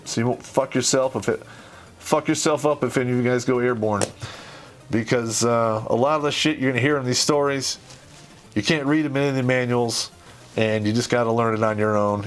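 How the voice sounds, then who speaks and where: A man hosting his own show, telling a story from his days as an Army Ranger in a blunt, profane, rambling way with plenty of fillers. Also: mid-range voice. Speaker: host, former Army Ranger. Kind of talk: casual storytelling.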